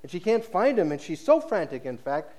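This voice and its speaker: A man preaching an expository sermon with a fairly high, lively voice. He sinks to hushed, low phrases and then lifts into emphatic lines, acting out quoted speakers as he explains the text. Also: brisk. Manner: expository preaching, paraphrasing scripture with dramatized quotes; animated, swings between soft low phrases and raised emphatic ones. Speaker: pastor.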